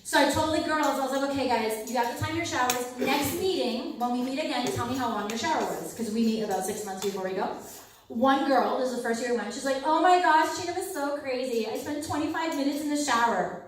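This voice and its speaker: Animated woman in a very echoey hall. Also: sits high, quick pace, slight background noise. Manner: animated, acts out quoted people, laughs often. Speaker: speaker at a campus ministry talk. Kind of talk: lively storytelling talk. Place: hall at a university ministry center. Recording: very echoey hall, mic far off.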